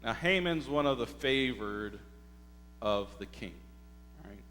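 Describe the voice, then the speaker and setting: Male pastor, mid pitch, unhurried sermon delivery with rhetorical questions, church hall reverb, faint mains hum. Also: lively intonation, a bit bright. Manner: slow, deliberate storytelling with rhetorical questions to the congregation. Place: church sanctuary.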